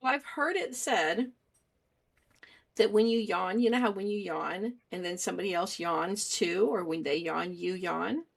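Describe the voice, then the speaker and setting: A woman's voice: mid-range voice, measured pace, creaky. A middle-aged woman hosting a podcast, talking in a reflective, hesitant way with restarts. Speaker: podcast host. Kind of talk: casual conversational interview.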